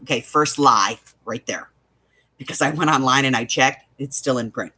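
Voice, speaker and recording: A woman's voice: a bass voice, moderate pace, sharp tone, husky. A woman running a craft shop, telling a story in casual chat, with exasperated asides. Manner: chatty storytelling, exasperated asides, laughs often.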